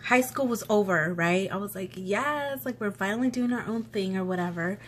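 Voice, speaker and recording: A young woman tells a story-time vlog in a loose, chatty way, acting out what everyone said. Her nose is stuffy from allergies and she keeps breaking off to sniffle. Her pitch sits right in the middle, and a faint hiss of room ambience runs underneath. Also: moderate pace. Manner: chatty, animated retelling with quoted voices. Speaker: vlogger. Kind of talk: casual story time chat.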